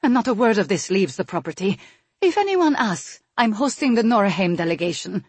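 A woman's voice: mid-range voice, very animated, normal speed, husky, no echo, voice pushed up. A woman voicing a commanding noblewoman mother who is emotional and bossy, in an audiobook reading. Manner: loud, urgent, commanding.

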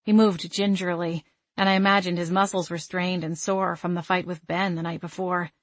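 A woman narrating a first-person novel aloud in a soft, measured, quietly emotional way, close to the mic. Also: on the low side, level tone, no echo. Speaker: audiobook narrator.

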